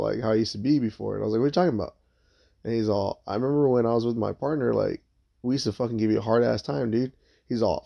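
A man's voice: mid-range voice, fast talker, creaky, breathy edge. A man telling a rambling work story in a casual, profane way, acting out what others said. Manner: rambling, swears a lot, acts out quoted voices. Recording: dull lo-fi sound.

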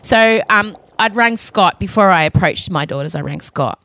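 Animated woman telling a story. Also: lowish voice, normal speed. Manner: animated, dramatic storytelling with wry humor. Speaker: podcast co-host. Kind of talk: casual storytelling chat.

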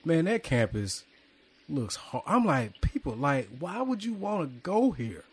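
A man hosting a casual chat, animated and joking with loud laughs. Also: fairly high pitch, unhurried, slightly rough. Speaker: podcast host.

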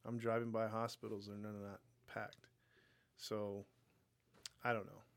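A man's voice: on the low side, flat delivery, unhurried. A young man co-hosting a podcast in casual chat, rambling and loose, with lots of "like" and "you know". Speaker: podcast co-host.

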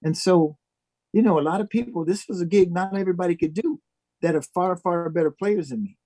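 A guest musician from Minnesota recounts a story during an interview, animatedly performing the voices of its characters. His voice is high and brisk, with no room sound.

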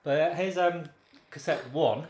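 A man co-hosting a comedy podcast, firing back dry, quick retorts in a casual chat. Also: fairly high pitch, darkish tone. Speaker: podcast co-host. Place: same room as co-host, indoors. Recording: roomy echo.

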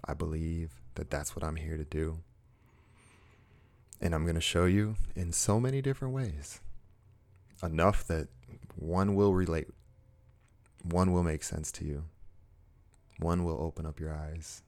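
A man speaking earnestly to his viewers in a motivational monologue, slow and emphatic, repeating short phrases. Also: sits low, fairly even intonation, a little mellow. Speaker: self-help speaker.

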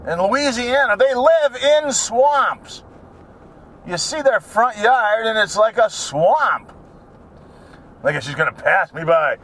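High, lively man ranting while driving. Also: slow. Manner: ranting, sarcastic, drifts between topics, swears. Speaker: vlogger. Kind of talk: rambling driving vlog.

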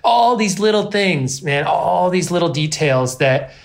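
A man in his thirties, a guest on an interview podcast, telling a personal story in a rambling, self-deprecating way with lively quoted asides. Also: a little high, unhurried, gravelly. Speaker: guest, pro snowboarder.

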